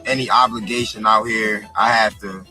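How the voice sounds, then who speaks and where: Flat-voiced, bright-toned man. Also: on the low side, soft background music. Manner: hesitant, measured, flat delivery. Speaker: interviewee. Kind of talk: interview answer.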